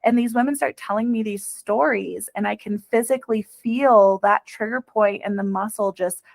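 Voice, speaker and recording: A woman's voice: mid-range voice, normal speed, creaky, no room sound. A woman hosting a podcast interview, explaining pelvic floor work in an earnest, chatty way with many "you know"s and "like"s. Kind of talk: conversational interview chat.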